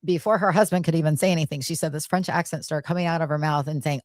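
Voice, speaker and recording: Woman, podcast co-host, fairly low voice, dry close sound, lively storyteller who laughs a lot. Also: fast talker, no room sound. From United States. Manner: animated storyteller, laughs often. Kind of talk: casual chat.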